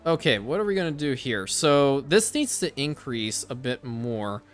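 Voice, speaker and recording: A man's voice: medium pitch, very animated, normal speed, soft background music. A man hosting a strategy game let's play, thinking aloud and swearing casually as he plays. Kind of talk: casual gameplay commentary.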